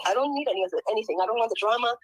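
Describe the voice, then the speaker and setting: An older woman with grandchildren, venting rapidly and aggrieved in a casual call. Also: fairly high pitch, dry recording, low-quality recording. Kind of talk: casual chat.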